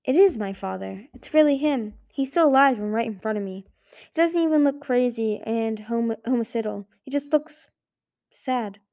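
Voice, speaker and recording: A woman's voice: on the high side, moderate pace, dark tone, natural voice. A woman voicing a nervous, talkative young female dragon who stumbles over her words. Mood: flustered. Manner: flustered, stumbling, eager. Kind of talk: audiobook character voice.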